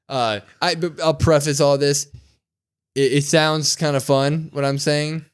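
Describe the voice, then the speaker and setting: A young man co-hosting a podcast, recapping a wrestling episode in casual, animated chat. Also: a little high, unhurried, smooth. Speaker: podcast co-host.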